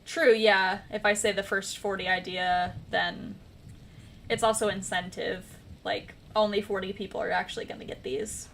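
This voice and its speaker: An author livestreams her book editing, a young Midwestern woman with a slight accent who chats casually and rambles. Her medium-pitched voice moves at normal speed with a fairly bright tone.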